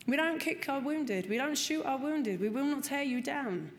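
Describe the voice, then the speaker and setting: A woman's voice: sits high, expressive, normal speed. A woman speaking earnestly and candidly to a recovery group, swearing freely and repeating words for emphasis. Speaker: speaker sharing at a recovery meeting. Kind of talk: personal testimony to a group. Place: meeting room. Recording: long reverb of a meeting hall, faint room ambience.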